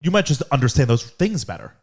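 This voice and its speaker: Young man telling a story on a podcast. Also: fast talker. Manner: animated storyteller, acts out quotes in high voices. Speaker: podcast co-host. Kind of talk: casual chat.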